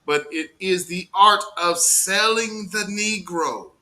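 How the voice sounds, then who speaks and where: Male live-stream host, slow and sharp-toned, fired up and mocking, slangy commentary. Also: high voice, low-quality recording. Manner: heated, mocking, slangy, profane.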